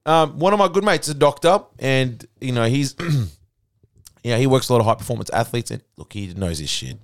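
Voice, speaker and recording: A young man chats as a podcast guest, slangy and laid-back as he tells a story. His voice is smooth and resonant, recorded close and dry. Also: medium pitch, animated, normal speed, dry recording. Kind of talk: casual chat. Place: podcast studio.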